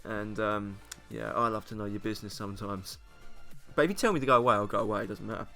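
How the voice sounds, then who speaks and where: Rambling young British YouTuber. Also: male voice, lowish voice, fast talker, creaky, sharp tone, soft background music. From Britain. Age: young adult. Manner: rambling, self-mocking, frequent laughs and fillers. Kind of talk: casual vlog monologue.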